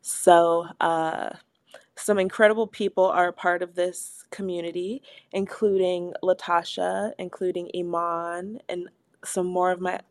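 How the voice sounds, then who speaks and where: A young woman co-hosting a casual podcast, animated and quick to laugh, swearing freely as she talks. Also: on the low side, dry recording, clean studio sound. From Pacific Northwest of the US. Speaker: podcast co-host.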